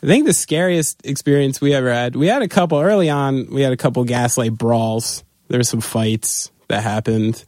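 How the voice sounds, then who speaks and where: A band's drummer, appearing as a guest, tells tour stories in a casual interview, laughing, swearing, and filling his speech with fillers. His medium-pitched voice is a little mellow, keeps a moderate pace with few pauses, and is recorded in clean studio quality with no room sound.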